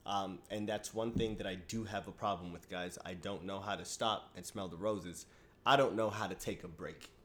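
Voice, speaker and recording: A man hosting his own podcast, talking casually, swinging between loud hype and low mumbling, with many fillers. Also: fairly even intonation, normal speed. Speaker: podcast host. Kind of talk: casual solo podcast monologue.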